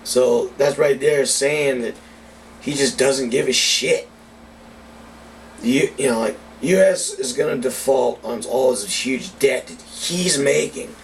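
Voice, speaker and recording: A man in a heated, foul-mouthed rant, talking in a casual vlog at a medium pitch. He sits a little back from the microphone, and a faint hum of noise runs underneath. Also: slow pace. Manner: profane, heated political rant. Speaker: cigar reviewer. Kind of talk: casual ranting vlog monologue. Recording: distant mic with faint background noise.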